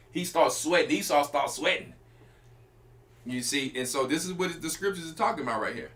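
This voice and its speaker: Man, church elder, informal sermon, emphatic, talks directly to listeners, high voice, sharp tone. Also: expressive, brisk. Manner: emphatic, colloquial preaching with direct address to listeners.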